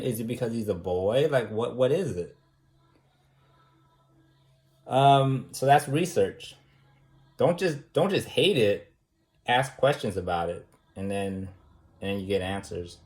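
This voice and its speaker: A man's voice: medium pitch, animated, moderate pace, a little mellow. A man teaching a debate class in an informal, talky way, firing off repeated rhetorical questions and using casual fillers.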